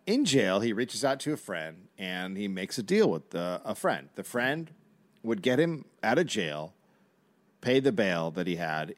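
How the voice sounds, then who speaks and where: A man co-hosting a comedy podcast, calmly telling an old story in a casual way. His pitch is middling but moves around a lot. The sound is dry and close to the mic. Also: no room sound. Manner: relaxed, recounting history. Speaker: podcast co-host.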